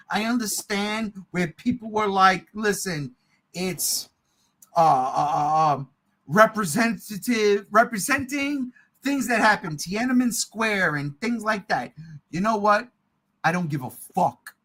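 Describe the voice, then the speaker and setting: A middle-aged man co-hosting a casual podcast, ranting in a heated, profane way and often shouting. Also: high-pitched, poor audio. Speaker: podcast co-host.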